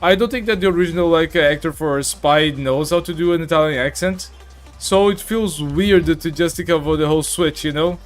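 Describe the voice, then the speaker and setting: Faint music plays behind a fairly high-pitched man talking fairly quickly as he streams a game. He chats casually, reading messages from chat out loud and filling gaps with plenty of "like" and "uh."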